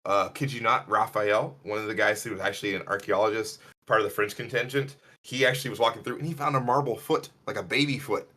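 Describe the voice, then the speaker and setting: Guy from illinois rambling through a story on a podcast, kinda low voice, bright tone. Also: quick pace, few pauses. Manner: animated, rambling, acts out quotes in a higher voice. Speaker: podcast co-host. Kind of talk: casual storytelling chat.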